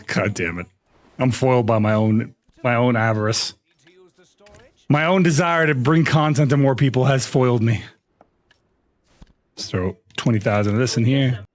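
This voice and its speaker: A man's voice: mid-range voice, unhurried, long pauses. A young man live streaming, ranting at his chat in mock exasperation, swearing and laughing. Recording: faint music behind. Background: faint music.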